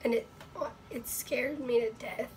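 A woman vlogs from her bedroom in a hoarse, nearly gone voice that sits a little high. She rambles with lots of fillers and keeps slipping into breathy whispers. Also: steady tone, unhurried, darkish tone, a little hiss or hum, rough recording. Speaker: vlogger. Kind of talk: casual talk to camera.

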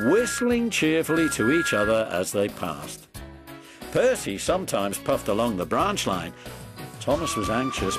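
A man narrating a children's story in a slow, animated reading. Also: medium pitch. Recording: dry close recording with soft music.

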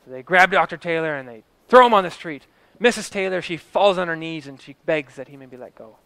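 Smooth-voiced male storyteller. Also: fairly high pitch, lively intonation, brisk, dry recording. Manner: vivid present-tense telling, swelling and dropping in loudness. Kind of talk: dramatic storytelling to an audience.

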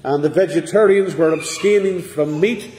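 Preacher in echoey church. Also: male voice, on the high side, darkish tone, slight background noise. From Northern Ireland. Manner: measured, earnest preaching with pauses. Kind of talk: sermon. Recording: echoey hall with long reverb.

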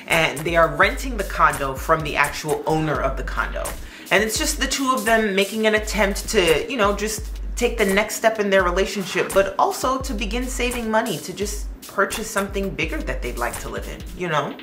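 A woman's voice: mid-range voice, expressive, a little fast, fairly bright tone, reverberant, faint music behind. A woman telling a story in a casual, chatty way, with joking asides to her listeners.

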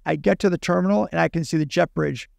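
A man with a gravelly, fairly high voice tells a story as a podcast guest. He acts out each exchange in quick animated bursts. The mic is close and dry. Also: dry recording. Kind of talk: casual storytelling.

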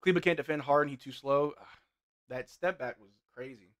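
A man hosting a live basketball watch-along, reading chat aloud and reacting, swinging from loud hype to quiet mutters. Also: fairly high pitch, brisk, dry recording.

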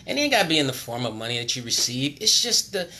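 Earnest man giving a bright unscripted plea. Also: medium pitch, big pitch swings, quick pace. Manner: earnest, repetitive, preachy, drops to hushed tones. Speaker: car salesman on a charity livestream. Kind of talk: impromptu motivational appeal.

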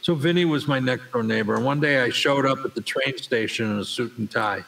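An older interview guest animatedly recounts an anecdote, voicing its characters with big leaps in pitch. His delivery is brisk and creaky, captured on a low-quality recording.

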